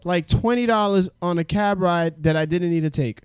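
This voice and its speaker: A man telling a profane, animated comic story in a casual podcast chat. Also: sits high, normal speed, clear, resonant tone, dry recording. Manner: animated, profane, acts out the people in his story.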